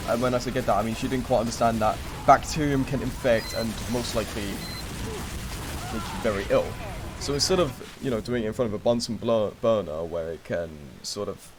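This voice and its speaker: A young man streaming, telling a rambling story in casual chat with lots of fillers and acted-out quotes. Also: on the low side. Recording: music playing behind.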